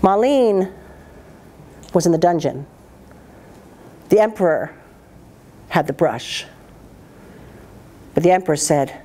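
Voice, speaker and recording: A woman storyteller telling a folktale aloud in a dramatic, expressive way, with voiced sound effects. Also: on the low side, slow, pauses often, a little hiss or hum.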